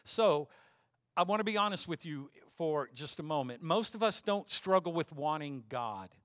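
A man's voice: on the high side, lively intonation, normal speed, a bit bright, no room sound, clean studio sound. A middle-aged man preaching a sermon as pastor, earnest and conversational with homely asides.

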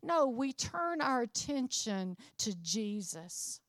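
Slow earnest woman preaching. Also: on the high side, sing-song, a bit bright, dry recording. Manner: earnest, emphatic, building to rises. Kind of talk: sermon.

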